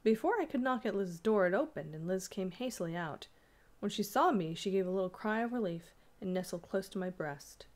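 A woman reading a classic ghost story aloud in a measured, even storytelling manner. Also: mid-range voice. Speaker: audiobook reader.

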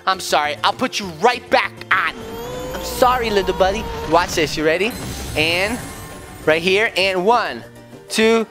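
A man's voice: a little slow, over music. A man playing a video game with his son, chatting casually and playfully, breaking into sudden squeals. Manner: excitable and goofy, with sudden high squeals. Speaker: gaming video host, father.

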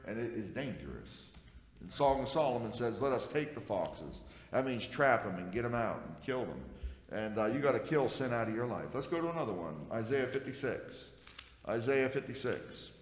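A male pastor preaching a sermon in a folksy, conversational way, dropping in frequent amens. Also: medium pitch. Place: church sanctuary. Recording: echoey church hall.

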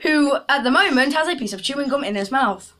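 A woman's voice: sits high, lively intonation, a little fast, pushed and bright. A young woman chatting casually in a vlog, making jokey asides to viewers. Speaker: YouTuber.

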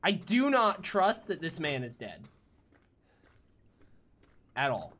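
A man giving live gameplay commentary as a let's play gamer, jumpy and swearing often with loud startled outbursts. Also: fairly high pitch, wildly swooping pitch, slow, a little hiss or hum.

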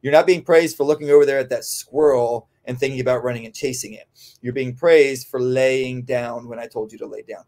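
A man who trains dogs, answering listener questions in a casual podcast, often tagging "right?" and filling pauses with "um". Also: medium pitch, steady tone, a little mellow. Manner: conversational, frequent "um" and tag "right?". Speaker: dog trainer.

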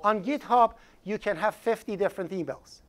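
A man's voice: high-pitched, normal speed. A man lecturing a college programming class, talking straight to his students and joking with them as he goes. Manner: joking, animated lecturer addressing students directly.

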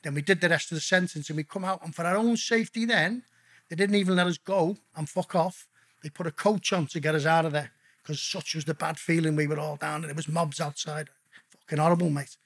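A man guesting on a podcast spins lively anecdotes from his own life in casual interview storytelling. He swears constantly and keeps addressing the host as mate, in a slightly rough, a little high voice at a brisk pace.

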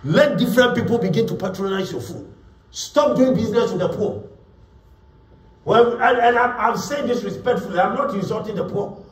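A man's voice: very high-pitched, moderate pace. A man preaching a sermon as pastor, emphatic, repeating words and acting out quotes. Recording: echoey room, voice from far off.

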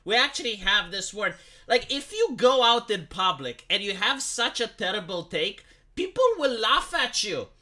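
A woman's voice: mid-range voice, big pitch swings, normal speed, sharp tone. A woman streamer giving a mocking, emphatic opinion rant on gaming news, full of sarcasm. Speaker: commentary streamer. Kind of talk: ranting opinion commentary. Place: home streaming setup.

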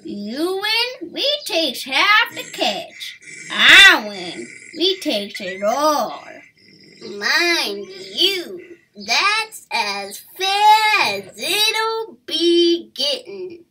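Lady doing a loud raccoon boss, high and shouty, bragging. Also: big pitch swings, very slow, heavily acted. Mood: swaggering. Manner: loud, swaggering, laughing coarsely. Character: boastful male raccoon pirate leader, coarse rogue.

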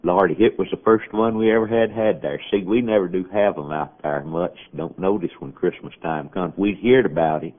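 A man voicing a sincere poor country boy with a Southern accent, talking in a halting folksy drawl on an old radio recording. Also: low-pitched, lightly acted. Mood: earnest. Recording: tinny, band-limited old radio archive.

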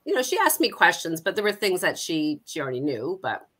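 A woman's voice: fairly low pitch, very animated, a little fast, fairly bright tone. A middle-aged woman from Canada, a guest in an interview, telling a personal story candidly with frequent self-corrections. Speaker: guest, Alzheimer's support coordinator. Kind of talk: conversational interview.

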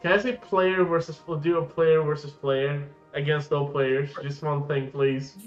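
A man's voice: fairly high pitch, level tone, unhurried, highs cut off, soft background music. A man playing a tabletop game, playful and stumbling over repeated words in his eagerness. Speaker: player. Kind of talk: casual play chat.

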